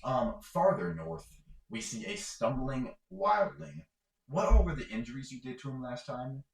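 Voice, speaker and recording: Brief: male game master, deep creaky voice, loose rambling narration, echoey room. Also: lively intonation, moderate pace, darkish tone. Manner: rambling, filler-heavy narration.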